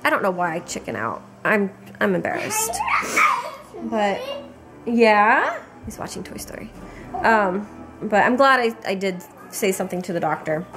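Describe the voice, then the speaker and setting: A woman's voice: medium pitch, sing-song, a little slow, over music. A young woman telling a pregnancy story to the camera in a loose, chatty way, full of fillers and acted-out quotes. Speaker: pregnant mother vlogging her pregnancy. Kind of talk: casual chat.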